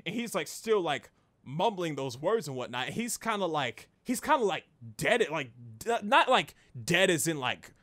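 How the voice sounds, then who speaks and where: A man's voice: fairly high pitch, big pitch swings, normal speed, a bit bright. A young man casually recapping and reviewing an anime, rambling with many fillers and restarts.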